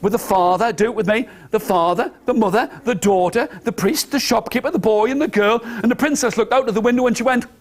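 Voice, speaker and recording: A man telling an interactive story to nursery children, animated and coaxing them to join in. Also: sits high, a little fast, few pauses. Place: nursery school room.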